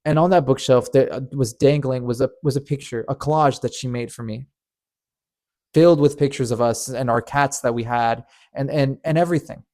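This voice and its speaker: A man's voice: medium pitch, fairly quick, darkish tone. Man emotionally telling a personal story. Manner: earnest, emotional retelling with stammered repeats. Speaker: storyteller and channel host.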